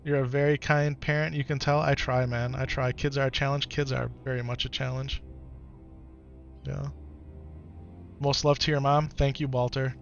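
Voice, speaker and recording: A man streaming live who talks softly and coaxingly with his young son, then reads and answers his chat in casual talk. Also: medium pitch, little pitch movement, moderate pace, creaky, pauses often, highs cut off. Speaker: streamer and father. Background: game music.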